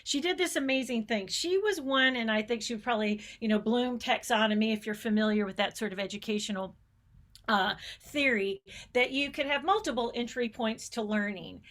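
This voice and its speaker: On a conference stage, a middle-aged space educator gives her keynote with a fairly high, fairly bright voice at normal speed. She tells stories enthusiastically, often shifting her pace.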